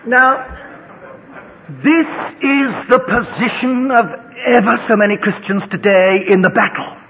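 A man preaches with a high, bright voice and a slow, deliberate pace. His delivery is dramatic and climbs to ringing high notes when he tells a story. The recording is dull and lo-fi, with a long echo from a large hall. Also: a little hiss or hum. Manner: dramatic, rising to high shouts in a told story. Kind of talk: sermon.

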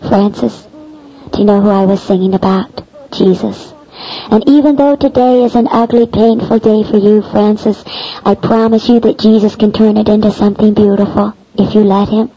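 A woman telling a personal faith story aloud in an animated way, acting out the dialogue. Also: medium pitch, moderate pace, breathy edge. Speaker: storyteller giving a Christian testimony. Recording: dull lo-fi recording.

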